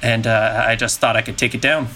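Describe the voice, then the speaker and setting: Bright-voiced man improvising a boastful fake scientist. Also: mid-range voice, little pitch movement, brisk, slight background noise. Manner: mock-boastful, rambling. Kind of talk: improvised comedy on a call.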